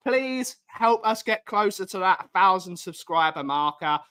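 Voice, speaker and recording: A man's voice: sits high, animated, measured pace, sharp tone, smooth. A man hosting a casual live stream chat, talking upbeat and addressing the audience. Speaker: host.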